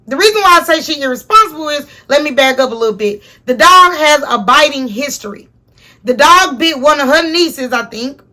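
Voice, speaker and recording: High bright-voiced woman telling a story. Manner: profane, animated, speaks to viewers directly. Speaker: storyteller host. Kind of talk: casual storytime vlog.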